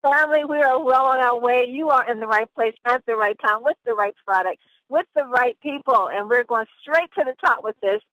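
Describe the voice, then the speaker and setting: A woman's voice: a little high, brisk, no room sound. Upbeat woman hosting a phone call. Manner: upbeat and affectionate, calls listeners family. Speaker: host. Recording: dull dry phone line.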